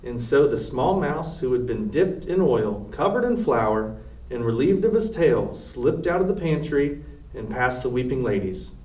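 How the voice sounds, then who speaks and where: A man's voice: medium pitch, a little slow. Man reading a storybook aloud, from across a roomy space. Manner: steady, plain reading with character voices. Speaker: storybook reader, air force sergeant. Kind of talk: reading a children's novel aloud. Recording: roomy, distant, dull lo-fi sound.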